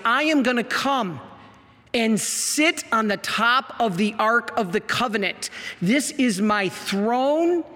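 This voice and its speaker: A man with a high, bright voice teaches like a preacher, eager and emphatic as he moves through his slides. His voice rings out through a hall with a long reverb. He sounds middle-aged. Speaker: priest.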